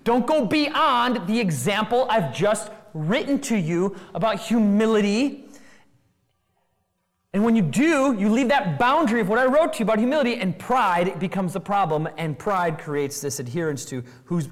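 A preacher working through a text in an expository sermon, with a voice that swings widely in pitch. The delivery leans on rapid rhetorical questions and brief acted-out quoted voices. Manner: animated, acts out quoted voices.

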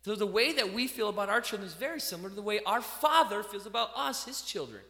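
High, bright-voiced preacher in an echoey hall. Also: male voice, fast. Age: adult parent. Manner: animated, swings between loud emphasis and quiet asides. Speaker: pastor. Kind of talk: sermon.

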